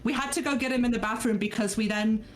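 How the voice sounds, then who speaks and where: A woman's voice: fairly high pitch, fast, soft background music. Giggly English woman streamer. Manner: laughs often, self-deprecating. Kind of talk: casual chat.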